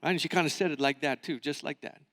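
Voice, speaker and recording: High-voiced animated male preacher. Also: quick pace, big-room sound. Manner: animated, acting out quoted voices. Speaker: pastor. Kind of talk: sermon storytelling. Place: church hall.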